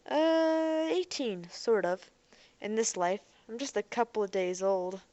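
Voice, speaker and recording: A woman voicing a defensive, boastful young man in a robot body who is quick to shout. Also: medium pitch, no room sound, lo-fi sound, close to an everyday voice.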